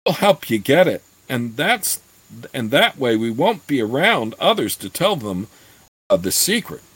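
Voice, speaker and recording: A tall, earnest apprentice lad, as a man reading aloud puts him on, plain-spoken and a bit sheepish. The voice is slightly husky and unhurried, recorded dry and close. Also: medium pitch, very animated, a bit bright, dry recording, full character voice, low-quality recording.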